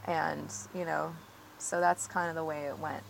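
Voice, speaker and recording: Her voice is deep and creaky with vocal fry, holding a fairly flat pitch at a normal speed as she describes what happened. The woman, a tree-sit protester being interviewed outdoors near trees on her property, sounds earnest and agitated and says "like" and "you know" often. The recording is rough, with a little hiss or hum.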